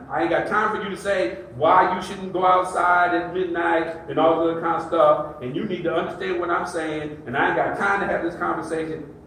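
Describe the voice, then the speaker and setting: Brief: man in his 60s, counselor lecturing, high-pitched folksy storytelling, roomy far-off sound with light noise. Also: fairly bright tone. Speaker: group counselor. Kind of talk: talk to an audience. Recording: echoey hall, voice heard from afar.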